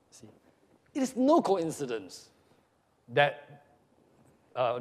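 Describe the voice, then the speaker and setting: A man's voice: fairly high pitch, darkish tone, big-room sound. A man giving a literature lecture, emphatic, repeating himself and asking rhetorical questions.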